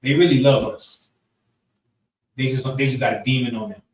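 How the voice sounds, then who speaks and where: Leading a group lesson like a sermon, this class leader speaks at normal speed in a mid-range voice with fairly even intonation. His manner is casual, full of repeated phrases and requests for the room's agreement, captured by a far-off mic in an echoey space with slight noise.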